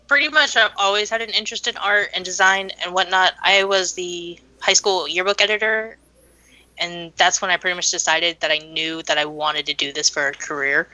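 Designer lady guest, lowish voice, crisp and bright, dry sound. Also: no room sound, rough recording. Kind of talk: casual chat.

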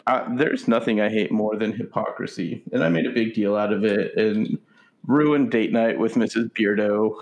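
A man co-hosting a podcast, telling a rant as a deadpan, boastful storyteller with a gravelly voice. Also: lowish voice. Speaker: podcast co-host. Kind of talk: casual ranting chat.

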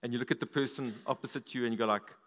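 A man preaching a sermon at a church service, animated, his voice swinging up and down for emphasis. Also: racing. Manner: animated, rises and drops in pitch and volume for emphasis.

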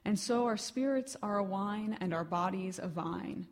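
A woman's voice: mid-range voice, normal speed, big-room sound, close to an everyday voice. Lady reading as a young woman falling apart, pleading, crying out. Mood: dazed. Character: distraught young woman in a breakdown.

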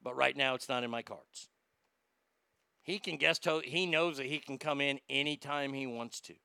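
A man hosts a talk podcast with a bright, forceful voice that is smooth and resonant. He reads listener comments and rants bluntly with plenty of swearing, jumping from loud outbursts to low muttering. The sound is dry and close. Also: normal speed, no echo. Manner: blunt, profane ranting. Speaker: podcast host. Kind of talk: casual chat reading listener comments.

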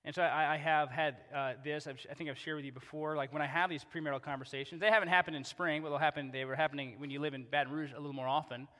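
Racing along with hardly any pauses, this male pastor preaches in a loose, conversational style, stacking rhetorical questions with fairly even intonation. His slightly high voice rings bright and forceful amid the long reverb of a large hall.

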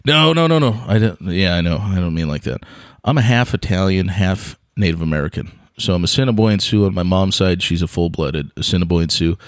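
A man's voice: sits low, expressive, fairly quick, no echo, clean studio sound. A man from Montana, a podcast guest, telling casual stories and laughing often along the way. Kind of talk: casual storytelling.

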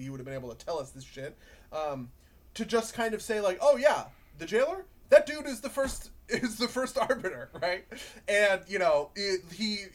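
A man co-hosting a casual games podcast, animated and swearing freely as he talks. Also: on the high side. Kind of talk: casual chat about video games.

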